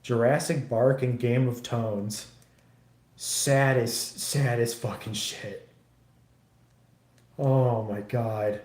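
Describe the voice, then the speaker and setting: A man chats slowly and loosely on a livestream while working on a model kit. He rambles and swears, often breaking off and starting his sentences over. His voice carries a noticeable room echo. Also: mid-range voice, fairly even intonation, darkish tone. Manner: rambling and profane, many restarts. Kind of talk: casual chat while building a model kit.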